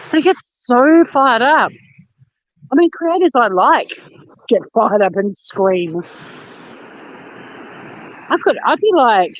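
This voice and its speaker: An Australian woman chatting casually on a live stream while walking on a beach, blunt and quick to swear and laugh. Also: a little high, dull audio. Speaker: vlogger. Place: outdoors on a beach.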